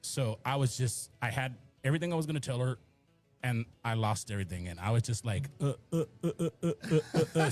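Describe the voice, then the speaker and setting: A man's voice: medium pitch, a little mellow. A middle-aged man from the Rio Grande Valley, telling rambling stories in casual chat and acting out the quotes. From Rio Grande Valley, Texas. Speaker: musician and radio guest.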